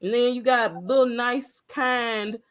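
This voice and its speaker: A woman's voice: on the high side, takes it slowly, clear, resonant tone. A woman co-hosting a casual movie recap, acting out her reactions dramatically. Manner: animated, acts out her own reactions, dramatic. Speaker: podcast co-host.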